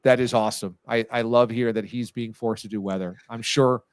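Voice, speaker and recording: A man in his forties hosting a live sports talk show, telling stories with lively delivery and frequent laughs. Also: mid-range voice, a little fast, clean tone, no room sound. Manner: lively, storytelling, laughs often. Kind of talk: casual live show chat.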